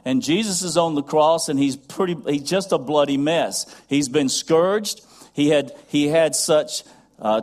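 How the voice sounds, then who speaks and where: A man delivering a sermon in a fairly high voice. He preaches earnestly, repeating phrases and rising in intensity as he goes. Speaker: pastor.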